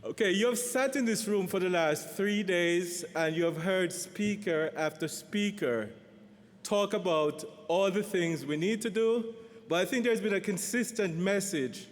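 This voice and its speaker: A man introducing a speaker at a conference, talking in a halting way with restarts. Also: high voice. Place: large conference hall. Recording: long hall reverb.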